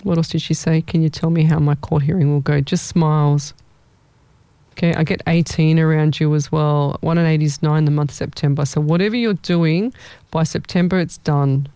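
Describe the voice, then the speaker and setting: Chatty woman, warm smooth voice. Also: low voice, steady tone, normal speed, no room sound. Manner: chatty and rambling, repeats words. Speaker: psychic medium host. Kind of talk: live-stream readings for viewers.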